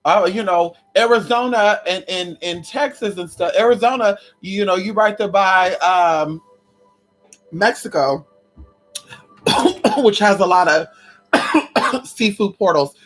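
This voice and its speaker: A woman's voice: medium pitch, takes it slowly, pauses often, soft background music. A woman hosting a casual livestream on conjure, sassy and chatty, calling her viewers honey and girl. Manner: breaks into loud laughs and exclamations. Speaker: livestream host teaching conjure.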